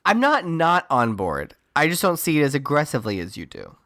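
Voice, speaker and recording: A man's voice: fairly high pitch, huge pitch swings, fairly quick, bright, forceful tone. A man co-hosting a podcast, recapping a movie in casual chat with sarcastic asides and silly character voices. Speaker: podcast co-host.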